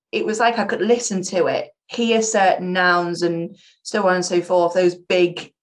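A young adult woman, an improv performer, talking chattily and animatedly in a casual interview, with self-mocking humor. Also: fairly low pitch.

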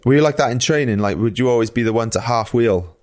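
A man's voice: medium pitch, quick pace, darkish tone. A man and pro cyclist chatting casually on a podcast, laid-back and filling his talk with "like" and "you know".

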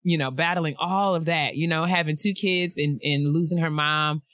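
A young woman co-hosting a casual chat show, reading out listener emails with lively, laughing asides. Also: deep voice, moderate pace, dry recording, clean studio sound. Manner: animated, laughing often, playful asides. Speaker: podcast co-host.

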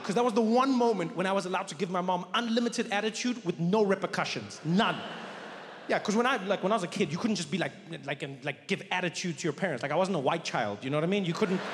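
Man, stand-up comedian, animated storytelling, fairly high voice, long hall reverb. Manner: animated, quick shifts into character voices. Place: large theater stage. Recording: live in a large hall with faint noise.

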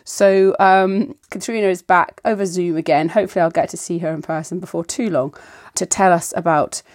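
A woman with a croaky voice introducing her podcast episode in a chatty way, with a few ums. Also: lowish voice, steady tone, brisk, a little mellow, no echo, clean studio sound. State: croaky voice from a cold. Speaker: podcast host.

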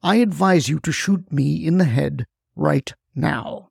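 A calm, scheming male mogul, put on by a man narrating, speaks smoothly and persuasively. His voice is heavily gravelly and sits a little high. The sound is close and dry. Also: measured pace, dry recording, exaggerated voice. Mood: fatalistic.

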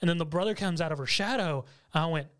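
A man's voice: a little high, quick pace, a bit bright, smooth. A man in casual conversation, reacting with short, laid-back comments and chuckles. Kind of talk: casual chat.

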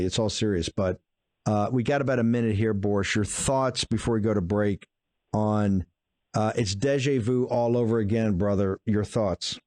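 Male host, low-pitched, indignant and punchy, dry close sound. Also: dry recording. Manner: forceful, indignant, rapid asides. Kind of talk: political talk show hosting.

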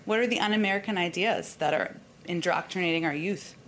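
A woman answering questions as a press secretary at a briefing, wry and a little halting. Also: fairly low pitch, background noise.

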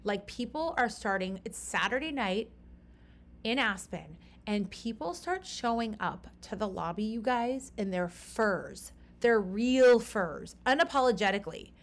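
Brief: woman, 30s, podcast host, medium pitch, animated storyteller who acts out the dialogue in her stories. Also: a little slow, slight background noise. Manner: animated, reenacts conversations with rising exasperation.

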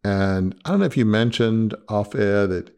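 A man with a fairly low voice hosts a conversational podcast interview. He speaks earnestly and with emphasis, circling back to stress what matters. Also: normal speed, a little mellow, smooth. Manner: earnest, emphatic, repeats key points. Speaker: podcast host.

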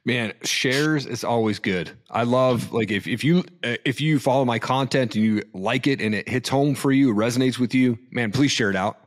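A man in his thirties speaks as an earnest, reflective guest in a relaxed interview. He has a middle-pitched voice and a plain, open delivery, and he keeps peppering his sentences with "man". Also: moderate pace, few pauses. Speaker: podcast guest, entrepreneur. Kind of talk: casual interview chat.

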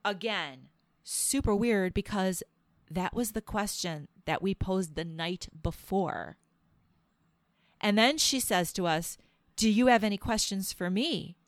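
A woman co-hosting a podcast with her sister, telling stories in a casual, animated way. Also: mid-range voice, takes it slowly, dry recording. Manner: storytelling, animated retelling of quotes. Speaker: podcast co-host. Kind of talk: casual chat.

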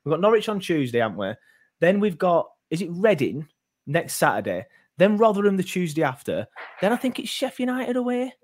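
A man's voice: high voice, sing-song, a little fast. A man hosting a casual football fan podcast, rambling with many fillers and restarts. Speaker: podcast host.

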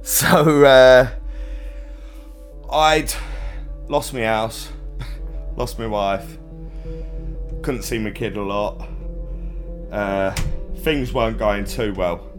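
A man's voice: on the low side, music in the background. A man co-hosting a podcast in casual chat, telling stories against himself with a laugh. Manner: self-mocking storyteller, slow and laughing. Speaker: podcast co-host.

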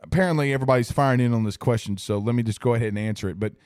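A man's voice: medium pitch, very fast, a little mellow, smooth, no room sound, studio quality. A man hosting a casual sports talk livestream, reading chat comments and rambling emphatically with repeated phrases. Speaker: host reading live chat. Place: studio.

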